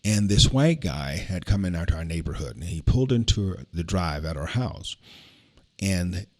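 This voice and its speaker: An older man from the hosts a podcast conversation. His voice sits low, and he talks in an earnest, preacherly way that drops into a hush when he recalls the past. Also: expressive, moderate pace. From Alabama, USA. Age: 60s. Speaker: podcast host. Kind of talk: casual storytelling chat.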